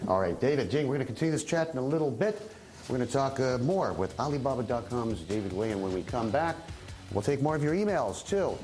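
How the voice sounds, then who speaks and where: A man's voice: mid-range voice, animated, quick pace, darkish tone, soft background music, rough recording. A man hosting a business news show, asking probing questions in a conversational way. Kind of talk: broadcast interview.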